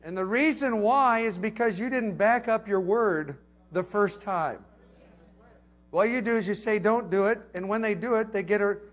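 A middle-aged man preaching a sermon in a conversational way, building to emphatic peaks and then dropping low and quiet. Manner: conversational preaching with emphatic swells and soft drops.

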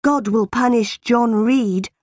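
A woman's voice: a little high, slow, a little mellow, no room sound, studio quality. Woman reading as a defiant young orphan girl. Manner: defiant, earnest. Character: defiant ten-year-old orphan girl.

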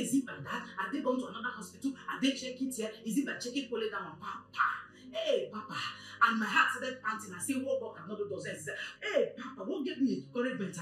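A woman, giving an excited, emotional testimony and crying out "Papa" again and again. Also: fairly high pitch. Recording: echoey room, far from mic.

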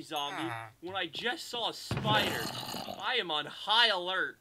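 Guy talking over his game, gets loud then mutters, lots of noise in the recording. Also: high voice, unhurried. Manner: excitable, swings from loud outbursts to quiet muttering. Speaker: gaming channel host. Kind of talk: gameplay commentary. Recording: heavy background noise.

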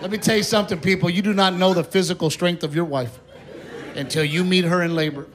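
A man performing a stand-up comedy set on stage, telling a story in an animated way and acting out the voices of the people in it. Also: high-pitched, quick pace. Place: comedy theater stage with live audience. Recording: live stage recording with crowd noise. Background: audience laughter and applause.

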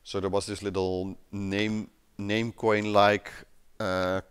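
Man, low voice, smooth and clear, explaining software, hesitant fillers. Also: flat delivery, slow pace. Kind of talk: casual screen-share chat.

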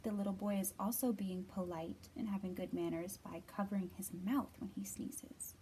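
A woman librarian leading a children's storytime, reading aloud in an expressive, bright manner and acting out the quoted lines. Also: medium pitch, moderate pace, a little hiss or hum.

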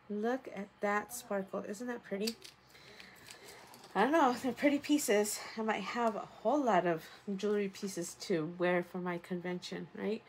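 A woman's voice: mid-range voice, a bit bright, a little hiss or hum, poor audio. A woman running a casual live stream selling jewelry, chatty and upbeat, greeting viewers by name as she shows each piece. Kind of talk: casual live sales chat.

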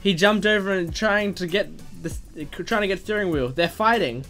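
A man reading a text story aloud and reacting excitedly as it unfolds, gasping and exclaiming at every twist. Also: sits high, normal speed, faint music behind. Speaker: gaming video host.

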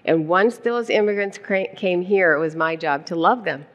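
An older woman with a fairly low voice tells a personal story on stage. Her delivery is animated and often breaks into laughter. Long reverb from the hall trails behind her. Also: normal speed, lo-fi sound. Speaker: guest speaker, founder's wife.

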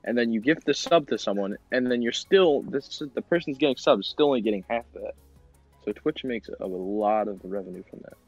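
A man's voice: mid-range voice, fairly quick, dull audio, faint music behind. A man playing in an online game, joking and teasing the host in casual chat. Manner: joking, teasing, laughs often. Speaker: player.

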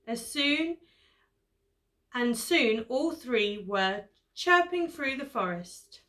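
Slow, bright-voiced teacher reading. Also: female voice, a little high. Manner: slow, clear storybook reading. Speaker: primary school teacher. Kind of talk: reading a picture book aloud.

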